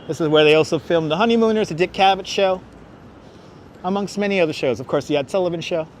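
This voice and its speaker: This livestream walking-tour host from Brooklyn, New York talks fast in a high voice as he strolls busy city streets. His narration is casual and rambling, full of jokey asides and spoken replies to chat questions. A wireless clip-on mic and gimbal-mounted phone pick him up, with a little hiss or hum.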